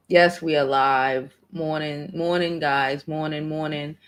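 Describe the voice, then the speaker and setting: A woman's voice: low-pitched, steady tone, slow, clear, resonant tone. A woman hosting a casual livestream, talking in an emphatic, emotional way and swearing freely. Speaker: livestream host.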